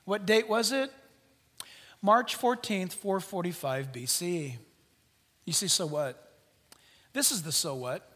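A man's voice: high voice, takes it slowly, long pauses, sharp tone. A man preaching a sermon, speaking animatedly to the congregation and acting out the voices in the biblical dialogue. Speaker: pastor. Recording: long hall reverb.

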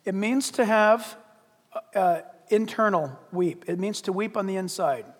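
Dramatic high-voiced man preaching in a hall. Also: measured pace. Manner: dramatic, swings from loud to hushed. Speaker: pastor. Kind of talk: sermon. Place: church sanctuary. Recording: long reverb of a large hall.

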